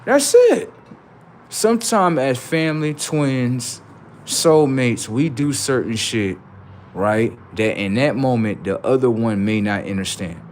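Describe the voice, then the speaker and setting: Male streamer, mid-pitched voice, animated slangy storyteller, repeats himself for emphasis, faint hum behind. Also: a little slow. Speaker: livestreamer. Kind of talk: casual storytelling.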